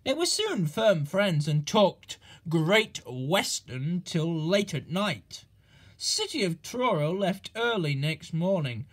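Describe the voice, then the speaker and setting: A man narrating a children's train story, reading slowly and expressively. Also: fairly high pitch, big pitch swings, a bit bright, slightly rough.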